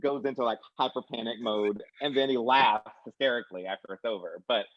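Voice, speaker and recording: A man's voice: mid-range voice, brisk, no room sound, muffled recording. A man in his late thirties co-hosting a podcast, chatting casually and hesitantly, repeating words as he starts. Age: 30s. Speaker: podcast co-host. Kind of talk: casual chat.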